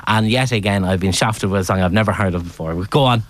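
A man hosting a casual radio song quiz, animated and self-mocking. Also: fairly low pitch, quick pace, no echo. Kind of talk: casual chat.

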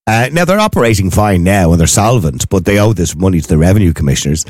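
A man's voice: low-pitched, sing-song, fast talker, darkish tone, dry recording, studio quality. An Irish man hosting a radio show, asking questions in a casual chat. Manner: questioning, conversational. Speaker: radio host.

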